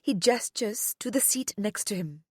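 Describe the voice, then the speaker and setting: A soft-spoken woman narrating a first-person romance audiobook, often dropping to a whisper. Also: medium pitch, expressive, moderate pace, dry recording, studio quality.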